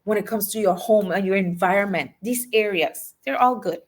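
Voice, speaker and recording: A woman's voice: mid-range voice, normal speed. Woman coach, motivational delivery, leans on repetition and direct questions to listeners. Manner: emphatic, repeats key phrases, asks the audience questions. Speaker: life and business coach.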